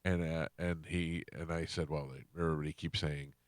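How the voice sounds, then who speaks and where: A man's voice: very deep voice, little pitch movement, fairly quick, background noise. A middle-aged man hosting a radio show, telling a story in a casual way and acting out both sides of a conversation. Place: radio studio. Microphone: studio microphone.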